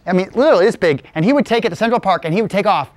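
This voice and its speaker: A man's voice: sits high, lively intonation, racing, dry recording. A man telling a playful tall tale from his childhood to a live audience. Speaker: storyteller. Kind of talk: live spoken storytelling.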